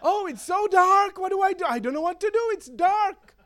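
A man acting out a parody of God as an anxious, helpless man fretting in the dark, in a much higher, louder voice. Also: animated, normal speed. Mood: fretful. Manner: whiny, exaggerated worrying.

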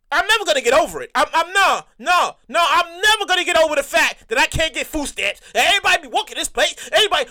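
Lively, high-voiced New woman ranting. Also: a little fast, few pauses, raised voice. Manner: animated, repetitive, swears freely, exasperated. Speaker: vlogger telling a work story. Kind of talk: casual storytime rant.

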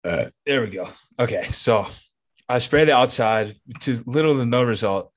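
A man's voice: mid-range voice, lively intonation, normal speed. A man co-hosting a casual podcast, telling a long, rambling story full of swearing and filler words. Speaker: podcast co-host.

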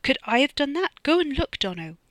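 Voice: mid-range voice, moderate pace, pushed and bright, no room sound. A narrator voicing Freddy, a panicking young man who lies to cover up a killing, in an audiobook reading. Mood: pleading. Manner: desperate, hissing, pleading.

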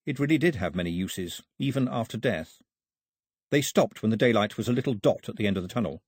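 Male audiobook narrator, husky and expressive, close and dry. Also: on the low side, dry recording. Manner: measured storytelling. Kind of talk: scripted narration.

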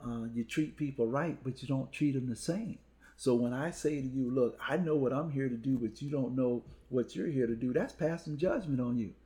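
Motivational guy on a podcast, warm low-key tone, hammers his points home. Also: moderate pace. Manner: emphatic, storytelling with punchy repeated lines. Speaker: motivational speaker. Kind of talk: podcast conversation.

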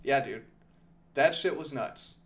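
A man's voice: mid-range voice, lively intonation, takes it slowly, a bit bright. A man hosting a podcast, casually telling a long story, rambling and swearing, with "okay?" and "dude" thrown in. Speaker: podcast host.

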